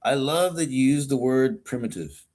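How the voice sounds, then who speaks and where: A man's voice: medium pitch, normal speed, a little mellow. Earnest, stammering male podcast host. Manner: earnest, repetitive, often restarts. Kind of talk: casual conversation.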